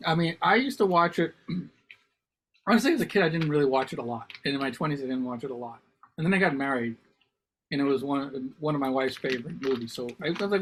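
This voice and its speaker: A middle-aged man co-hosting a podcast, jokey and animated, getting loud when he tells stories. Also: mid-range voice, a little fast, a little hiss or hum, low-quality recording. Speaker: podcast co-host. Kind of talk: casual chat.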